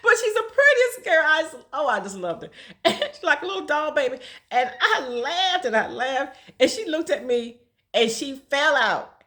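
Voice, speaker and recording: Middle-aged woman vlogger, animated storyteller, high-ish voice with wide swings, laughs a lot. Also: normal speed. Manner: animated, laughs often, folksy slang. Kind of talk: casual storytelling monologue.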